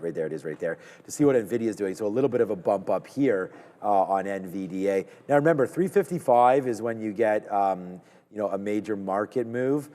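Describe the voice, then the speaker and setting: A man's voice: deep voice, warm tone, in a large hall. A man hosting a live stock trading stream, chatting upbeat while he places trades. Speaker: stock trading livestream host. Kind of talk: live market commentary.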